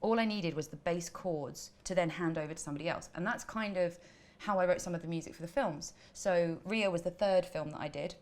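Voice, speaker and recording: A woman talking at a brisk, tumbling clip as an interview guest. She tells her stories animatedly and acts out what people said along the way. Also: lowish voice. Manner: animated storyteller, acts out quoted lines. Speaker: singer-songwriter and actor, interview guest. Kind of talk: casual chat.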